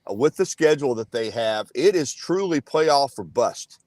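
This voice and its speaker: A man's voice: medium pitch, expressive, normal speed, a little mellow, dry recording. A man, talking sports as a guest with earnest, filler-heavy analysis. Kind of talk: casual sports talk.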